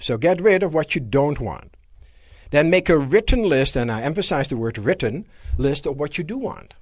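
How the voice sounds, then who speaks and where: A man giving a live motivational seminar lecture to an audience in a room, animated and asking rhetorical questions. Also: medium pitch, no echo, clean studio sound. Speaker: seminar speaker.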